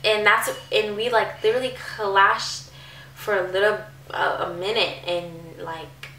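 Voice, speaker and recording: A woman's voice: medium pitch, steady tone, measured pace, vocal fry, sharp tone, echoey room, far from the mic, a little hiss or hum. A woman in her twenties talking candidly and emotionally in a personal vlog, with many fillers and near tears at times. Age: 20s. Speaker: vlogger.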